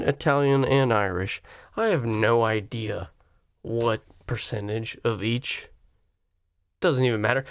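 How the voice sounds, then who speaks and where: A man's voice: medium pitch, a bit bright, clean tone, no room sound, studio quality. A man ranting on camera in a rambling, profane comic monologue, his voice jumping up when he gets worked up. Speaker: vlogger. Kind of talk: profane comedic rant.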